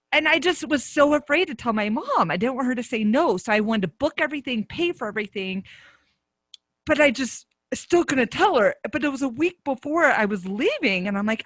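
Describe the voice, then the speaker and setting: A young woman telling a personal story on stage, animated and often laughing. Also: medium pitch, no room sound.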